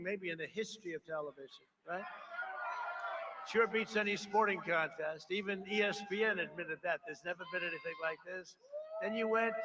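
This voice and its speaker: A man giving a rambling, boastful campaign rally speech at a podium microphone, full of repeated asides. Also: high voice. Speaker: politician. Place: large rally crowd. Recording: noisy live rally recording.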